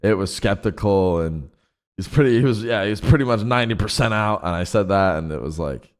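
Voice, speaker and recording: A young man with a very low, deep voice talks in a loose, rambling way. He swears freely and leans on fillers as he goes. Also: animated, brisk. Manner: laid-back, rambling, swears a lot, heavy fillers. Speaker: streamer and roleplay group leader. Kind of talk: casual out-of-character chat.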